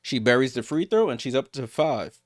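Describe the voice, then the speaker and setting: A man giving live play-by-play of a basketball game as a streamer, getting louder on big plays and greeting viewers in the chat. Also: animated, moderate pace, no echo, clean studio sound. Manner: rises sharply in pitch and volume on big plays.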